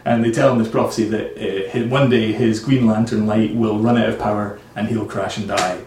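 A man's voice: on the low side, steady tone, brisk, darkish tone. Man, rambling co-host, lots of ums, distant mic, roomy echo, faint hum. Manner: rambling, hesitant, giggly. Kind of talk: casual chat. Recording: distant mic in an echoey room.

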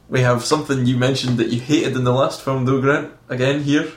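A man's voice: medium pitch, little pitch movement, fairly quick, few pauses. A man chatting casually as a film commentary co-host, teasing and laughing often. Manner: giggly, teasing, bursts into laughter. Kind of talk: casual chat. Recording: echoey room.

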